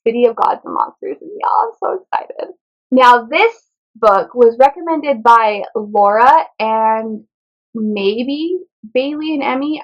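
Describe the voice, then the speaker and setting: Chatty bubbly woman, slightly muffled. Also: on the high side. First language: Spanish. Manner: bubbly, chatty, says "y'all" and "like" a lot. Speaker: booktube host. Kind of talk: casual book haul chat.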